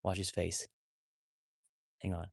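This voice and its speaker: A man's voice: low voice, monotone, slow pace, creaky, a little mellow, no room sound, clean studio sound. A man chatting casually on a phone livestream about his wolfdogs. He rambles, repeats himself and talks to viewers as y'all.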